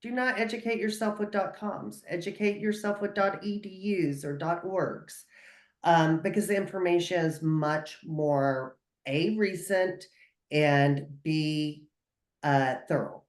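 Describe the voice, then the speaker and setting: A woman's voice: fairly low pitch, fairly even intonation, takes it slowly, echoey room. A woman speaking as a guest on a video call, giving earnest, emphatic, encouraging advice.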